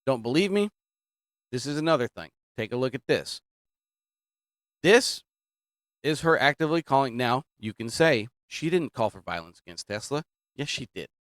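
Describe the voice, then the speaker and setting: A man's voice: medium pitch, no echo. Emphatic man with a dry sound. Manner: repetitive, emphatic, digressing. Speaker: political commentary host. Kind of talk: casual commentary.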